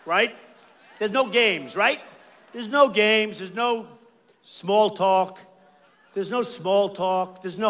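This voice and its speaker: A man's voice: high-pitched, animated, moderate pace, a bit bright, slight background noise. Emphatic rambling older male stump speaker. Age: 60s. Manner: rambling, emphatic, repeats phrases, talks to the crowd. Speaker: political candidate. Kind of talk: campaign rally speech. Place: large rally venue.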